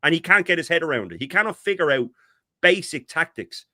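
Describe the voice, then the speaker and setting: A man's voice: a little high, very animated, fairly quick, pushed and bright, no echo, studio quality. Exasperated man ranting on a fan show. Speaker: co-host. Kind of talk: heated fan talk.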